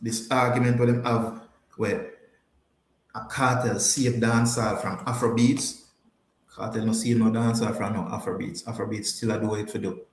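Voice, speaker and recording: A Jamaican-accented man hosts a podcast, chatting casually with viewers in a livestream and repeating points for emphasis. His voice sits on the low side with a level tone and moderate pace. The room sounds echoey.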